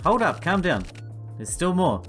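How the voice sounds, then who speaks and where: A man's voice: high-pitched, sing-song, measured pace, fairly bright tone, soft background music, voice pushed up, heavily acted. A man reading game dialogue aloud as a chatty, laid-back male agent with a casual, rambling way of talking. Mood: explaining. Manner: casual, rambling, filler-heavy. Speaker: game reader voicing characters.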